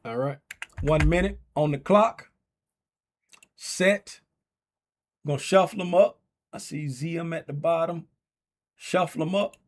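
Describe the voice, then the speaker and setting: A man hosting a casual trading livestream, talking loosely and playfully straight to his chat, getting loud and excited as he calls a giveaway race. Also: on the high side, slow, pauses often.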